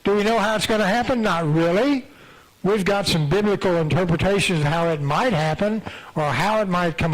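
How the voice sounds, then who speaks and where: A man's voice: high voice, poor audio. A man preaching a sermon in a church, conversational and repetitive, with frequent restarts. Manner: conversational, repeats phrases, many restarts. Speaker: pastor. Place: church sanctuary.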